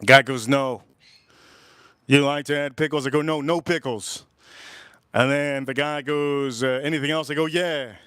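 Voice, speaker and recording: Rambling, laughing man with a smooth voice. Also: medium pitch, unhurried, long pauses, dry recording, clean studio sound. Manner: rambling, repeats himself, swears casually; animated, laughing while telling a story. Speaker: livestream host. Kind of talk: casual storytelling on a cooking livestream.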